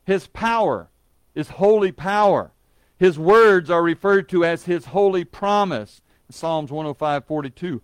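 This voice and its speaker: A man's voice: high voice, clear, resonant tone, no room sound. A man preaching a sermon in an earnest, emphatic way, stressing words by repeating them, with an occasional light joke.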